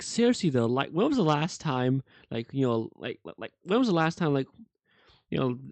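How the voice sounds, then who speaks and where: A man hosting a casual reaction chat with a sore throat, halting and full of filler words. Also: mid-range voice, no room sound. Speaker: reaction channel host.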